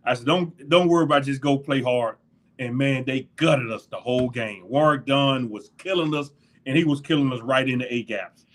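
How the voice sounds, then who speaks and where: Here a middle-aged guest who used to play linebacker in the NFL recounts locker-room stories during an easygoing interview. His mid-range voice moves at normal speed, and he brings the tales to life with frequent laughter and acted-out quotes.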